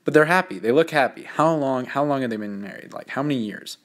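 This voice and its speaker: A teenage boy, a student narrating a drawing video, tells a story in a casual, joking way. He talks fast in an expressive, mid-range voice, rambling with lots of fillers and poking fun at himself.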